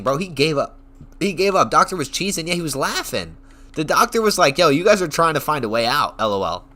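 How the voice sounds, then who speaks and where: A male streamer rants casually to his viewers, excitable and quick to swear as he rambles through his story. His voice sits a little high and has a bright, tense edge. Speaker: online streamer. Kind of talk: casual reaction rant.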